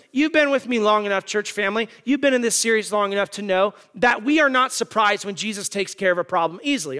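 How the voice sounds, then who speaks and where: Very high-voiced, emphatic male preacher. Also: sharp tone, in a large hall. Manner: emphatic, asks the congregation rhetorical questions. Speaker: pastor. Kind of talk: sermon.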